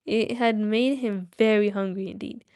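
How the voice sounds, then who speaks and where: On a casual livestream, a woman reads a story aloud in a chatty way, breaking off to talk to viewers. Her medium-pitched voice is smooth and steady with a darkish tone, at a normal speed.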